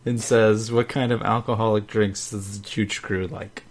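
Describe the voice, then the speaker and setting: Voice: mid-range voice, little pitch movement, normal speed, darkish tone, a little hiss or hum. A podcast co-host making wry jokes and dry asides in casual banter.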